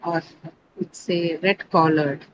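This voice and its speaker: A woman's voice: low voice, fairly even intonation, slow, dull audio, noisy background. A woman teaching an online English class, explaining step by step and often checking in with her students.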